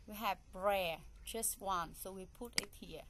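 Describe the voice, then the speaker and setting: A woman's voice: mid-range voice, unhurried, fairly bright tone, a little hiss or hum. A woman teaching English pronunciation, repeating each word and counting its syllables aloud in simple, non-native phrasing. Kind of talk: classroom pronunciation lesson.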